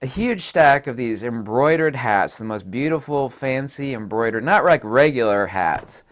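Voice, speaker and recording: A man's voice: medium pitch, animated, moderate pace. A middle-aged man from the American South, telling blunt, casual stories about a trip and laughing at his own punchlines. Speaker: photography vlogger. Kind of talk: casual storytelling.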